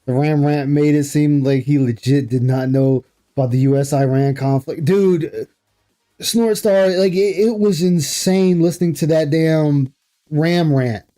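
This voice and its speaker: Man, casual stream commentary, slightly high voice, mellow tone, rambling, incredulous. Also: a little slow, soft background music. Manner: rambling, incredulous, laughs often. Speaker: livestream host reacting to an interview. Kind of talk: casual commentary reading chat.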